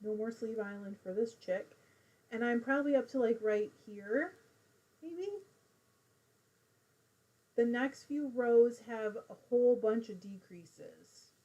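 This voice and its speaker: A woman's voice: a little high, slow, long pauses, mellow, muffled recording. A middle-aged woman hosting a casual live crafting stream from home, chatting while she knits and reading viewer comments aloud.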